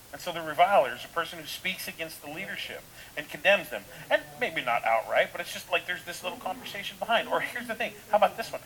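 A man's voice: a little high, a bit bright, a little hiss or hum, poor audio. A man preaching a sermon in a casual, conversational way, full of rhetorical questions and restarts. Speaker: pastor.

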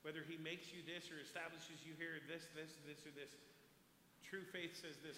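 A man preaching a sermon as a pastor, passionate, swinging from hushed asides to loud appeals. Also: on the high side, fairly even intonation, normal speed, slight background noise. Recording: echoey hall with long reverb.

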